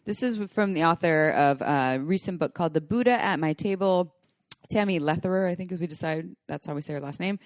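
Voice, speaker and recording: A woman from Santa Cruz, California, co-hosting a podcast. Her voice sits a little low, and she chats in a frank, fast way with quick laughs. The sound is dry and close, with no room echo. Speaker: podcast co-host. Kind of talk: casual chat.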